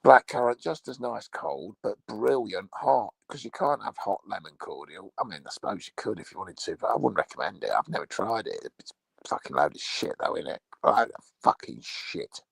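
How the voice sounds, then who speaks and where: A man playing a crude, boastful English loudmouth in a rambling, foul-mouthed comic monologue, with an English accent. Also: lowish voice, lively intonation, fairly quick, creaky, breathy edge, dry recording, full character voice.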